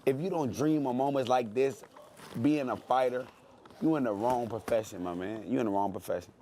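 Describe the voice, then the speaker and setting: A man talks like a boxer hyping his next fight. His trash talk is brash and boastful, built on phrases he repeats for effect. His voice sits at an ordinary middle pitch. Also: fairly quick, warm tone, a little hiss or hum. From Detroit, USA. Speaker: professional boxer. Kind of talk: animated interview talk.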